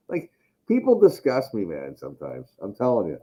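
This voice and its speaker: A man's voice: lowish voice, warm tone, husky. A man hosting a casual podcast chat, rambling and swearing heavily. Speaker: podcast host.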